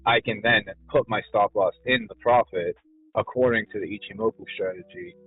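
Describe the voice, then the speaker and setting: A man explaining his trading approach in casual talk, halting and full of fillers and restarts. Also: on the low side. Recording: phone-like lo-fi audio with faint music.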